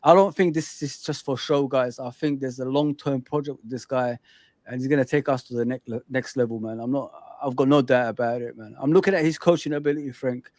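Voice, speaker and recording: A man, co-hosting a casual chat, animated and forever adding filler phrases. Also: medium pitch, fairly quick, dry recording, studio quality. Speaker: co-host.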